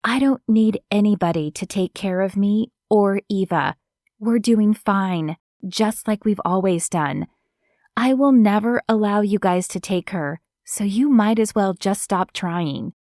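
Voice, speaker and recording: A woman's voice: medium pitch, measured pace, darkish tone, dry recording, studio quality, natural voice. A woman voicing a determined single mother who speaks firmly with a hard edge. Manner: firm, edged.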